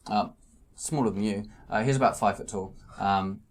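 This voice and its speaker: A man narrating a tabletop game as game master, hesitant, with many pauses and ums. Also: lowish voice.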